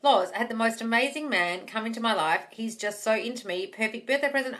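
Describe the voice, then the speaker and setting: Woman, bright forceful tone, live-stream Q&A, blunt, says darling a lot, phone mic. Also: mid-range voice, fast talker, few pauses. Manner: reads viewer comments aloud and answers, calls everyone darling; blunt, swears casually. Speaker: manifesting coach.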